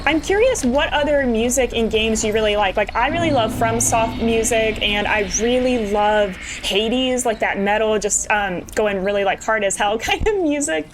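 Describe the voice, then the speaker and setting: A woman's voice: a little high, normal speed, few pauses, noisy background. A woman game streamer chatting with her viewers, giggly and talkative, answering chat while she plays. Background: video game music.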